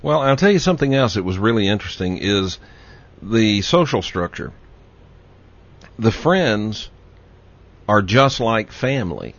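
A man from Texas with a Southern accent, hosting a radio talk show in a folksy, relaxed way. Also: lowish voice, measured pace, pauses often, lo-fi sound. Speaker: radio host.

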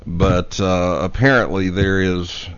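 A man hosting a live radio talk show from a studio, talking in an unhurried, halting way with many fillers. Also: sits low, fairly even intonation, noisy background. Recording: dry, dull lo-fi radio studio sound.

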